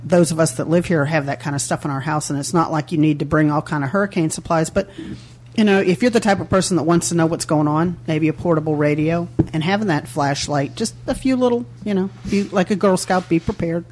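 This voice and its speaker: A woman's voice: low voice, a little fast, darkish tone, slight background noise. A woman co-hosting a podcast, giving tips in a chatty, rambling way with lots of "you know" and "like.". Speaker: podcast co-host. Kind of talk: casual podcast chat.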